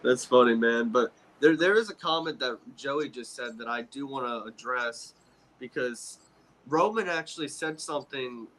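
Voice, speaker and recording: A man's voice: mid-range voice, moderate pace, a bit bright, rough recording. A man co-hosting a wrestling podcast, talking in a blunt, slangy, frustrated way. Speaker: podcast co-host. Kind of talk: casual wrestling chat.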